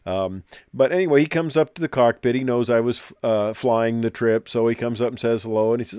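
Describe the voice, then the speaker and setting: A man in his sixties tells a joking anecdote in a wry, rambling way, full of fillers. His voice sits at a middle pitch. The sound is dry and close, with no room echo. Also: a little fast, darkish tone, clean tone. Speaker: retired airline captain. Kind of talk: anecdotal storytelling presentation.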